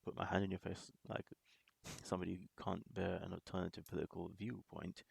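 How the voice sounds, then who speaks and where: A man with a very low, deeply gravelly voice rambles through a casual reaction commentary, halting and restarting as he thinks aloud. His tone is husky and the room sounds close and dry. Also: little pitch movement, darkish tone, dry recording. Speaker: reaction video host.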